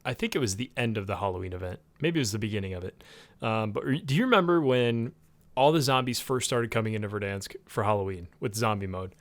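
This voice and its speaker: A man co-hosting a casual gaming podcast, talking in a rambling way with lots of fillers and getting excited about the game. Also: on the low side, fast, dry recording. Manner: rambling, with many fillers and restarts. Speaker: podcast co-host.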